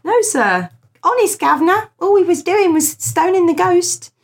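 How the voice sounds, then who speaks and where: A woman putting on a deliberately poor Cockney accent to play a cheeky young lad pleading his innocence to the police. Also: very high-pitched, expressive, pitched above the performer's own voice, heavily acted. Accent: Cockney, badly put on.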